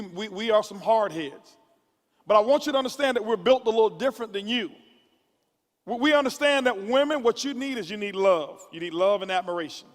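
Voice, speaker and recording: His voice high and light, a motivational speaker addresses a packed conference hall where long reverb trails his words. He restarts quickly, repeats himself, and builds his points in a preacher-like way.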